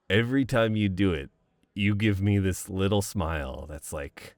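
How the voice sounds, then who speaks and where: A man's voice: low voice, takes it slowly, pauses often, no echo. A young man playing a boyfriend in a romantic voicemail role-play, reminiscing fondly, laughing often and swearing casually.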